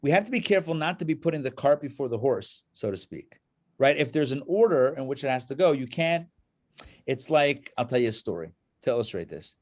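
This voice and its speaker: A man's voice: medium pitch, very animated, fairly quick, a little mellow. A man teaching a live class as a rabbi, telling a story and checking in with his listeners.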